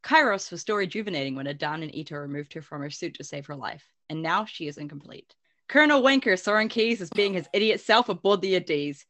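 Woman, podcast host, animated pitch, giggly, casual recap. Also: fast. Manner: giggly, lively, swears casually. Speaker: podcast host summarizing a book. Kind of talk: casual chat, recapping chapters.

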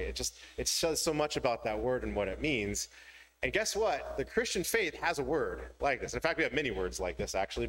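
A man giving a sermon to a congregation, telling a story with playful voice changes. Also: mid-range voice. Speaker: pastor. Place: church hall before a congregation.

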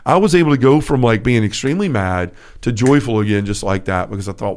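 A man's voice: medium pitch, quick pace, darkish tone. A man co-hosting a Catholic talk show, telling a personal story in an earnest, casual way with frequent restarts. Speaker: podcast co-host. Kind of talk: casual faith discussion.

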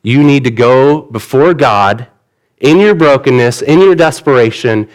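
A man's voice: mid-range voice, a little slow. Man, pastor, sermon, earnest conversational preaching, mid-range voice.

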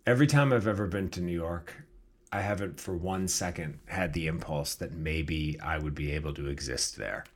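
Deep-voiced man in a dry, profane rant. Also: normal speed. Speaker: podcast co-host. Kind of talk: casual chat.

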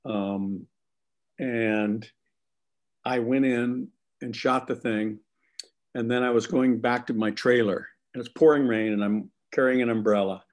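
A man being interviewed, telling animated, profane stories about his acting work with plenty of laughter. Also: medium pitch, unhurried. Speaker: actor guest. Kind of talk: casual anecdotal storytelling.

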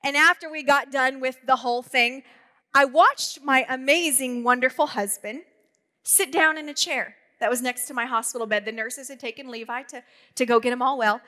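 High bright woman preaching. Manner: animated storytelling with quick asides and humor. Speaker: pastor. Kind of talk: sermon. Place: church auditorium. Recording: long hall reverb.

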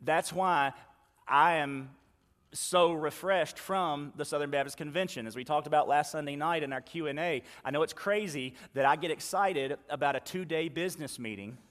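Pastor preaching in an echoing hall. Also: male voice, fairly high pitch, normal speed, fairly bright tone. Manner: conversational, emphatic repetition. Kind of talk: sermon. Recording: long reverb of a large hall.

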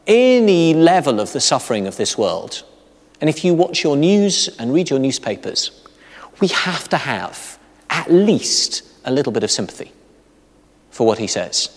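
A man's voice: on the high side, in a large hall. A man preaching a sermon as a vicar, earnest and emphatic, building his points through repeated phrases. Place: church.

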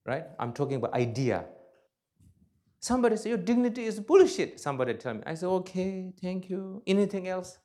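Buddhist teacher, non-native English. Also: male voice, medium pitch. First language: Tibetan. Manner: plain, repetitive non-native phrasing with lively humor. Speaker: Buddhist teacher giving a talk. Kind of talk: dharma talk to an audience. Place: lecture hall.

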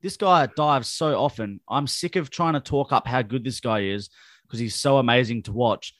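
A man's voice: medium pitch, normal speed, a bit bright, dry recording. Casual football podcast chat from a man who gets blunt and sweary when he's fired up, voice sits mid-range, sound's dry and close with no room to it. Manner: blunt, profane, heated ranting. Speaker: podcast co-host.

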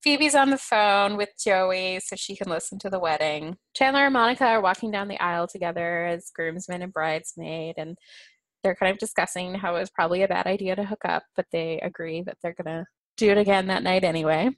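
A woman's voice: lowish voice, a little fast, no room sound, rough recording. Woman podcast host recapping with gusto. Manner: animated retelling, quotes characters with shifting voices. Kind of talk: casual chat recapping a sitcom episode.

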